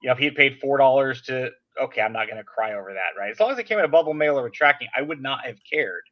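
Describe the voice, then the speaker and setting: A man hosting a casual podcast chat, telling an animated, venting story in an everyday voice. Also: medium pitch, very fast, dull audio. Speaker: podcast host.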